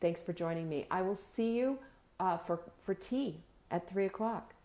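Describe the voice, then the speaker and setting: A woman's voice: medium pitch, moderate pace. A woman hosting a motivational live video, addressing her viewers directly. She is emphatic and encouraging, stretches key words, and repeats words as she restarts sentences. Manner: addresses viewers warmly and directly, reads their comments aloud. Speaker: host of a live video show.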